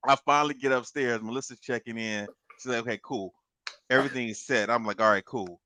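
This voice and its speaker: A man on a podcast telling a long story in a casual, animated way, swearing and laughing as he goes. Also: mid-range voice, quick pace, no echo. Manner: animated, profane, laughs through his story. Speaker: podcast co-host.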